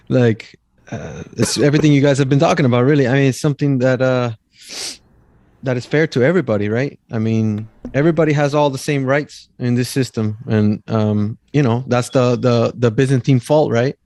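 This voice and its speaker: A man's voice: mid-range voice, moderate pace, darkish tone, dry recording. A man appearing as a guest on a live stream, talking casually with many fillers and restarts. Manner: hesitant, filler-heavy.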